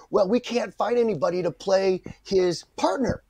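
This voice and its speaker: High, husky and touched with vocal fry, this middle-aged actor guest talks at normal speed with few pauses and no room sound. Animated throughout, he performs the voices of the characters in his anecdote.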